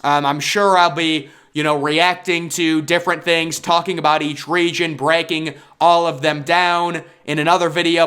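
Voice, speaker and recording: A young man with a fairly high, sharp yet smooth voice shares basketball bracket picks in a casual prediction vlog. He's playful and hyped, cracking jokes as a self-proclaimed expert on brackets.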